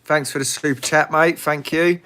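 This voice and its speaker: A man's voice: a little high, steady tone, moderate pace, pushed and bright. A man hosting a casual live Q&A, blunt and swearing freely, laughing often. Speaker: livestream host.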